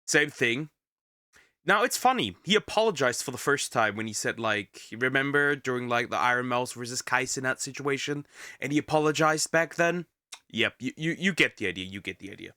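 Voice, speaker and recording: A man's voice: medium pitch, animated, normal speed, pushed and bright, no echo, clean studio sound. A man who is a little sick, giving casual reaction commentary as a streamer, rambling with many restarts and repeated words. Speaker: vtuber reacting to a video.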